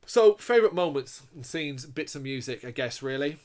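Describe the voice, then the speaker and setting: A man's voice: mid-range voice, expressive, moderate pace, darkish tone, a little hiss or hum. A man co-hosting a casual chat, blunt and opinionated, with plenty of swearing. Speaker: podcast co-host.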